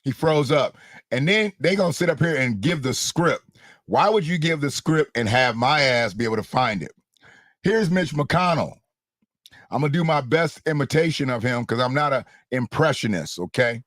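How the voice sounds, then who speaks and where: A male host delivers casual political commentary that is blunt, slangy and mocking, repeating phrases for emphasis and laughing at his own jokes. His voice is medium-pitched and a bit bright, recorded cleanly in a studio with no room sound.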